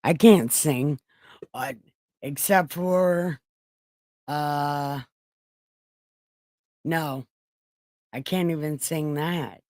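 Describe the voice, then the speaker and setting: A woman in her forties hosting a livestream in casual, joking chat, swearing freely and laughing often, with a flat, robotic-sounding voice. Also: deep voice, extremely slow, long pauses, no echo, poor audio. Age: 40s. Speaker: livestream host.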